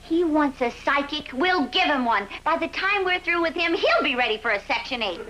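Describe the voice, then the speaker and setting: An actress in a 1960s sitcom playing a brisk, scheming Navy lieutenant who gives the orders. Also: female voice, high-pitched, animated, bright, forceful tone. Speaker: lieutenant leading the Waves. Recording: noisy old TV soundtrack with laugh track.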